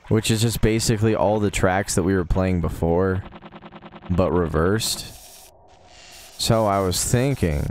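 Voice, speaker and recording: A man's voice: sits low, a little mellow, a little hiss or hum. A young man rambling casually on a live game stream, laid-back and swearing now and then.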